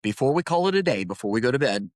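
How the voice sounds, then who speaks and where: Man, middle-aged, podcast guest, storytelling, restarts phrases, medium pitch, dry close mic. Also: fast talker, dry recording. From Ohio, United States. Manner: storytelling, animated, repeats words when starting. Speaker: podcast guest, retired highway patrol officer. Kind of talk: casual interview talk.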